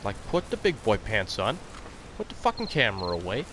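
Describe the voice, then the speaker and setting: A man's voice: lowish voice, wildly swooping pitch, brisk, noisy background. A young man streaming a hunting game, chatting in a rambling, blunt and profane way. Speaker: gaming live streamer. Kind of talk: casual live-stream chat.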